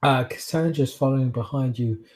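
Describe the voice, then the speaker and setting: A man narrating a tabletop role-playing game as game master, pausing and searching for words as he goes. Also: medium pitch, darkish tone.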